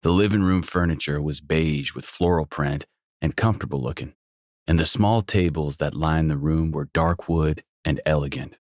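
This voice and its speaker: A man with a very low voice reads a first-person audiobook in a measured, even way. The sound is dry and close, with no room around it. His delivery stays steady through description and scene. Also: no room sound. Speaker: audiobook narrator.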